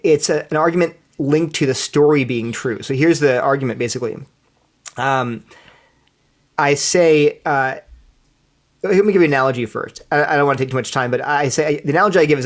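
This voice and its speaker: A man being interviewed as an author, explaining his ideas in a lively, storytelling way, often restarting phrases and acting out quoted voices. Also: fairly high pitch. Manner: frequent restarts, thinks aloud. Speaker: interview guest, author and apologist. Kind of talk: casual interview conversation.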